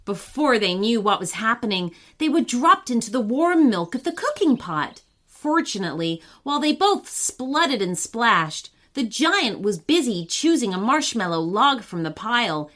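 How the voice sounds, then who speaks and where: A woman narrating a scripted bedtime story for children in an expressive storybook reading. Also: a little high, normal speed.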